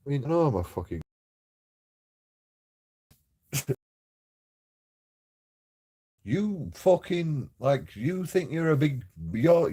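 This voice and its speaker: A YouTube auditor vlogger with a medium-pitched, dark voice rants and complains through a rambling story-time vlog, swearing often and trailing off into mumbles.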